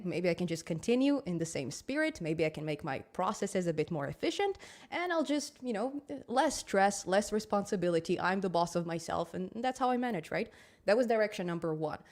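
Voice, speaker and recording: A woman hosting a programming live stream, chatting casually with viewers, upbeat and quick to laugh, with a lot of ums. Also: lowish voice, darkish tone. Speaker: livestream host of a programming channel.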